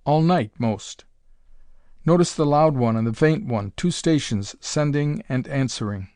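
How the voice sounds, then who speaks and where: A man's voice: mid-range voice, measured pace, darkish tone, no echo, clean studio sound, lightly acted. Hesitant, deferential radio operator, read by a man. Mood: earnest. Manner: hesitant, reluctant.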